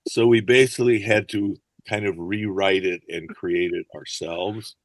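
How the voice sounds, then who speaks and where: A man's voice: deep voice, steady tone, unhurried, no room sound. An older man, a podcast guest, telling rambling anecdotes with plenty of fillers and restarts. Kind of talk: anecdotal interview chat.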